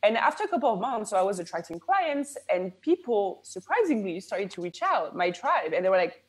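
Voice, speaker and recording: A woman with a French accent speaks as a guest in a relaxed interview. She tells her story in an animated way, with frequent laughs and quick asides. Her voice sits in a middle register. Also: mid-range voice, poor audio. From France. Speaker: guest business coach.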